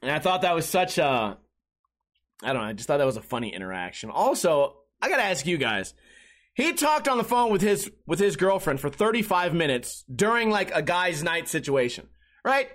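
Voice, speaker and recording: A man's voice: fairly high pitch, very animated, normal speed, fairly bright tone. A young man hosting a podcast on his own, telling stories in a rambling, profane, self-deprecating way. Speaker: podcast host. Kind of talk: casual solo podcast monologue.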